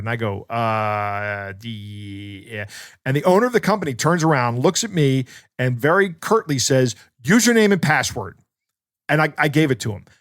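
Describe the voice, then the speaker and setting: A man's voice: medium pitch, no room sound, studio quality. A man co-hosting a podcast as a security expert, telling stories in casual chat with many restarts.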